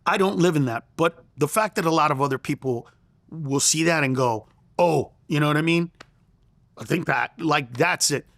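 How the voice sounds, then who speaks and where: A man's voice: on the high side, normal speed, fairly bright tone, no echo. A middle-aged man, a comedian guest in an interview, telling stories in an emphatic, profane way with stammering restarts. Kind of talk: animated interview storytelling.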